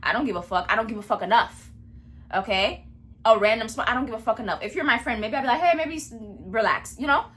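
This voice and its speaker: A woman vlogger talking in a blunt, profane and animated rant, speaking indoors in a room at home. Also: on the high side, quick pace. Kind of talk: casual commentary rant.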